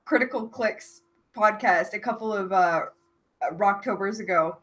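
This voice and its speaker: A woman's voice: medium pitch, measured pace, a bit bright. A Canadian woman co-hosting a podcast, telling stories in an easygoing, casual way. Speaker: podcast co-host. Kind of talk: casual chat.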